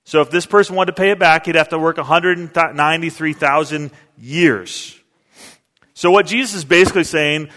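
A man's voice: on the high side, bright, forceful tone. A man preaching a sermon in an earnest, conversational way, reading scripture and explaining it. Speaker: pastor. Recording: long hall reverb.

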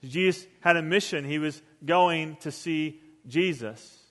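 A middle-aged man preaching in a hall with a long echo. His voice sits a bit high for a man. He tells stories, acts out quotes, and swings from near-whispers to loud bursts. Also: unhurried. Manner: storytelling with acted quotes, animated swings in volume. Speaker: pastor. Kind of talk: sermon.

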